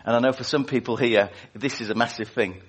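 This man's voice is medium-pitched and husky, with a steady tone and a brisk delivery. He is leading prayer and giving a sermon at a church service, chatting informally and posing questions to the congregation.

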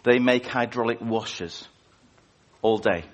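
At a church service, a man with a mid-range voice speaks a little slowly while leading prayer and preaching. His style is casual and conversational, with questions put to those gathered, and there's slight background noise.

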